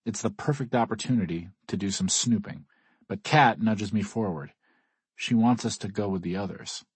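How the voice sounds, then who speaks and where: A man narrating a first-person audiobook in a measured, grave manner, husky, on a close mic. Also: on the low side, no room sound.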